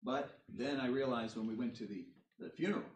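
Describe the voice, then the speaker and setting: A man's voice: mid-range voice, brisk, slight background noise. Preaching man in an echoey hall. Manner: reads scripture aloud then explains it, rising emphasis on key points. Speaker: pastor. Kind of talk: sermon. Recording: roomy echo, voice from far off the mic.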